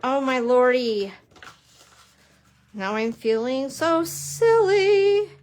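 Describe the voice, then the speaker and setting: This woman's voice sits high with a darkish tone, and she draws out her words. A middle-aged papercrafting instructor, she demonstrates live on stream, chatty and bubbly, teasing herself and greeting those watching.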